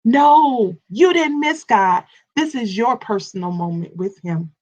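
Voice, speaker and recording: A woman's voice: on the high side, expressive, measured pace, darkish tone, muffled recording. A woman coaching and ministering in a live morning devotional, addressing her listeners directly, with repetition and stammered restarts.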